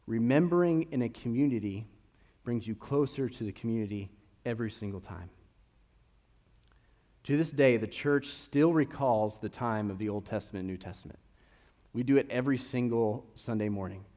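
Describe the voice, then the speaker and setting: A man's voice: medium pitch, moderate pace. A young man from Kentucky with a slight Kentucky accent, preaching a conversational sermon full of storytelling. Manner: storytelling, conversational with animated rises. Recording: long reverb of a church hall.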